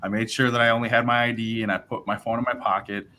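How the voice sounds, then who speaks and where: A man's voice: medium pitch, fast talker, slight background noise. A man on a live stream telling a personal story in a casual, rambling way, tossing in "right?" and "bro" as he goes. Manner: rambling, animated, acts out dialogue with fillers like right and bro. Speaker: livestream host telling his sobriety story.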